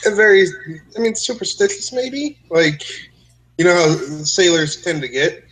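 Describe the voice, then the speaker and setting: A man's voice: high-pitched, lively intonation, measured pace, a bit bright, a little hiss or hum, rough recording. A man taking part as a player in a tabletop game, speaking in a casual, tentative way.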